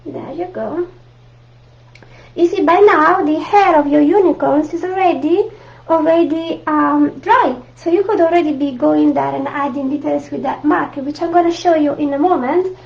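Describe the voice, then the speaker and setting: Brief: Italian-accented woman art teacher, high and a bit gravelly, chatty, lo-fi livestream audio. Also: moderate pace. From Italy. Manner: chatty, warm asides to viewers, frequent laughs. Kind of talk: live online painting class. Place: home art room. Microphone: camera mic at close range.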